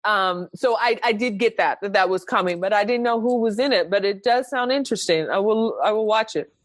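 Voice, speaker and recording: A woman co-hosting a podcast, talking in an animated, rambling way with many fillers and restarts. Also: medium pitch, fairly quick, no echo. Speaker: podcast co-host. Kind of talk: casual chat. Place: lives in Germany.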